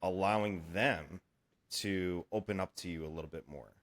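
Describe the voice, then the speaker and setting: Deep-voiced male podcast host. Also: normal speed. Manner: relaxed, agreeable, sums up the guest's points. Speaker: strength coach, podcast host. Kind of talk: casual interview chat.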